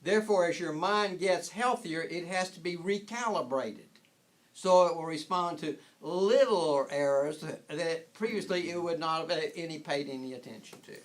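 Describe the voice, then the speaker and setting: A man's voice: fairly high pitch, normal speed. An older man giving an informal spiritual talk, rambling with frequent restarts and chuckling at his own points. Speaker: spiritual teacher.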